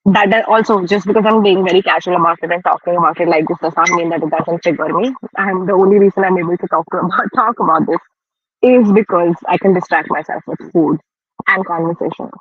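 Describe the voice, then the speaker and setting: A man's voice: high voice, fast talker, slightly rough, dry recording, narrow, tinny audio. A man hosting a casual livestream, talking frankly and chattily while snacking, a bit self-deprecating. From India. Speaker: livestream host. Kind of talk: casual live-stream commentary.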